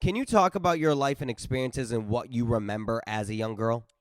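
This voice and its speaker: A man's voice: mid-range voice, fairly quick, dry recording, studio quality. A man hosting an interview podcast, friendly and chatty, often restarting his phrases as he tells stories. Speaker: podcast host.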